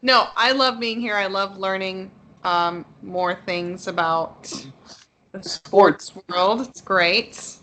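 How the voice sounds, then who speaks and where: A woman on a casual podcast, talking in a deadpan, sarcastic way. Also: medium pitch, slow, slight background noise. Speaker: podcast guest.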